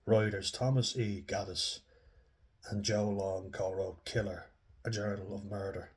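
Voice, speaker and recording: A man's voice: on the low side, fairly even intonation, unhurried. A man giving rambling, chatty commentary on a true crime story, often reading passages aloud. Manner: rambling and chatty, with laughs and restarts.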